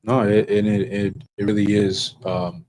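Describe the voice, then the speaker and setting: A man's voice: lowish voice, level tone, a little slow, a little mellow, slight background noise, poor audio. A man who serves as an officer of a religious group, telling stories in a casual, earnest way. He rambles and restarts often. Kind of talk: casual storytelling.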